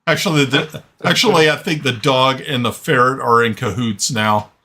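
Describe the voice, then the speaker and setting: A man playing in a tabletop game, chatting casually in a slow, rambling way. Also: medium pitch, fairly even intonation, sharp tone. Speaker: tabletop player.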